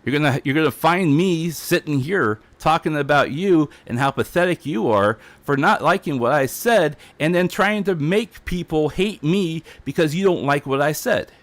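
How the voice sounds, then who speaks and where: A man's voice: on the high side, normal speed, hardly any pauses, dry recording. A man streaming a defiant, heated rant, repeating himself as he talks. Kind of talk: ranting livestream monologue.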